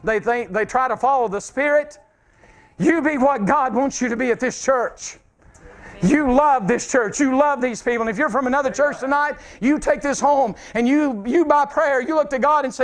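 A preacher, a man, delivers a revival sermon in a church with a strikingly high voice. He is fervent, repeats phrases, and calls out directly to the congregation. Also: moderate pace. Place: church sanctuary.

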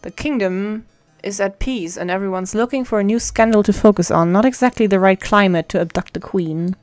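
A woman chatting casually as she plays a narrative game, reading its lines aloud and reacting in a playful, light manner. Faint music plays softly beneath her voice. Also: medium pitch, a little fast, no echo. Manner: chatty, reads card text aloud, laughs often. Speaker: streamer.

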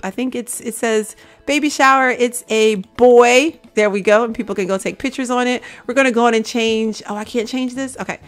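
Speaking at a normal speed with a fairly high pitch, a female gaming video creator gives relaxed commentary as faint music plays behind her. She chats with viewers, says "y'all," and nudges and scolds her game characters along.

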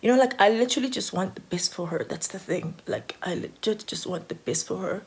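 Recording on her handheld phone at home, a South African vlogger chats in a mid-range, slightly rough voice at a brisk pace. She comes across as anxious and rambling, with lots of filler words.

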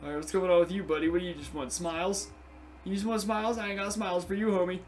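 Excitable high-voiced young man gaming. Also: fast talker. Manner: excitable, profane, talks to game creatures. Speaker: gameplay video creator. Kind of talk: casual let's play commentary.

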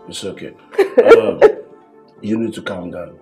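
A calm, methodical investigator with a Nigerian accent, his very deep voice grainy with fry. He speaks slowly and reassuringly over a clear film score. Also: soft background music, heavily acted. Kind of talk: Nollywood film acting.

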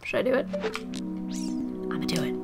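A woman's voice: rumbling low, huge pitch swings, a little fast, rough recording. A young woman in loopy gameplay commentary, goofy and crude, giggling as she plays. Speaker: let's player. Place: small hot recording room. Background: game music.

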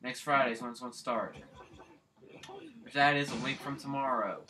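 A man's voice: mid-range voice, normal speed. A man doing let's play commentary, rambling and talking to himself while he plays. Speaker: gaming channel host.

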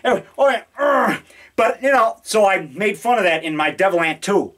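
Filming a rambling, boastful, jokey vlog in his basement, this man in his fifties makes low-budget horror films. His high voice is expressive, brisk and fairly bright, picked up by the camera mic.

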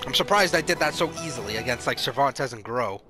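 Excitable hoarse man commentating a game. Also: medium pitch, quick pace. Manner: excitable, loud exclamations. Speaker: gaming commentator. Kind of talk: casual let's play commentary. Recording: commentary over game music.

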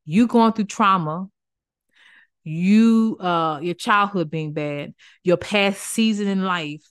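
A woman's voice: medium pitch, takes it slowly, smooth. A woman giving an informal Bible teaching in an emphatic, colloquial way, repeating her points and slipping into playful voices. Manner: lively, jumps into playful voices for quotes. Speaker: Christian speaker and counselor.

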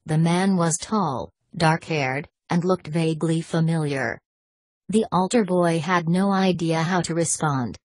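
A woman reads an audiobook in a measured, steady way. Her voice is low and husky, and the recording is dry and close with no room sound. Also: dry recording. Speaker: audiobook narrator. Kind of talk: audiobook narration.

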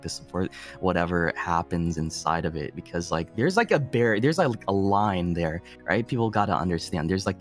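A young man with a very low voice rambles through a casual chat over drinks. He piles on fillers and laughs often. Faint music plays behind him. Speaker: guest streamer.

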